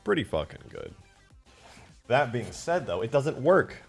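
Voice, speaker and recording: A man commentating his game modding on a live stream, excitable and foul-mouthed, swinging into loud outbursts. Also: mid-range voice, a little slow, creaky, husky, soft background music. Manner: excitable, swears a lot, flares into loud outbursts.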